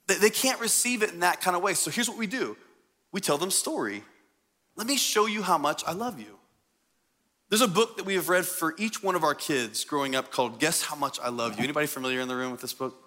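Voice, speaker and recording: A man preaching a sermon to a congregation in a church, animated and conversational. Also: high voice. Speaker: pastor. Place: church sanctuary before a congregation.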